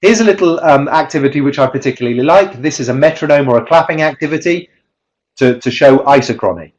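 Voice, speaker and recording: A man's voice: a little high, quick pace, low-quality recording. A man giving an online webinar presentation on teaching pronunciation, explaining step by step and chanting rhythm drills.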